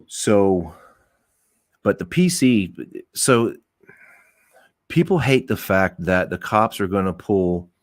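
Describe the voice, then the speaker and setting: A middle-aged man with a very low voice talks bluntly in a loose, rambling way, often restarting his sentences and swearing as he makes his points. The sound is dry and close. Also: no echo. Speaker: podcast host. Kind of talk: casual opinionated talk.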